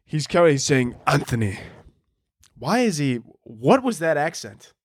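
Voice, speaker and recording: A man's voice: on the high side, sing-song, normal speed, no echo. Rambling, swearing podcast host man. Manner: rambling, profane, self-mocking. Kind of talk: casual solo chat.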